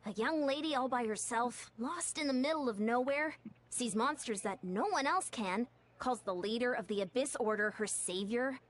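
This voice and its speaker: A woman voicing a wary, measured commander. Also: on the high side, natural voice. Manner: measured, cautious, articulate. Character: wary female military leader, calm and measured. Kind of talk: video game voice acting.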